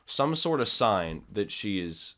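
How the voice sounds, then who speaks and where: A man in casual podcast chat, rambling and acting out film scenes in a hushed voice. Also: on the low side, big pitch swings, slow. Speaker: podcast co-host. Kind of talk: casual chat about horror films.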